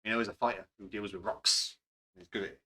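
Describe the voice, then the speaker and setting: Brief: young guy, fast and bright, rambling casual chat as a game master. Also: lowish voice, steady tone. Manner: chatty, rambling, swears casually. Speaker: game master answering questions.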